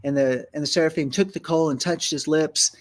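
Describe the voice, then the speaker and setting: A man's voice: a little high, steady tone, a little fast. A man hosting a Bible teaching show, thinking aloud with many fillers and restarts and reading scripture aloud. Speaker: ministry host and Bible teacher. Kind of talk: conversational Bible teaching on a broadcast.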